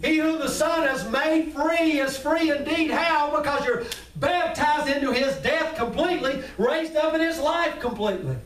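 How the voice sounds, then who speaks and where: A man's voice: very high voice, normal speed, a bit bright, a little hiss or hum. A man preaching an impassioned sermon in a church, calling out to the congregation. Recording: echoey room, mic at a distance.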